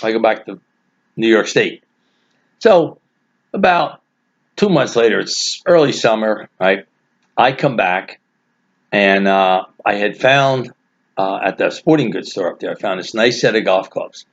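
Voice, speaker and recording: A man casually telling a family anecdote, animated and laughing through his own story. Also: lowish voice, unhurried, long pauses. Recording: dull lo-fi recording.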